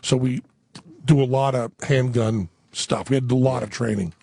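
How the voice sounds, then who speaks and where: A man's voice: medium pitch, fairly even intonation, normal speed, gravelly, dark tone, husky, dry recording. A man in a radio studio telling a comic story, mock-earnest and chatty, acting out both sides of the dialogue. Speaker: studio guest.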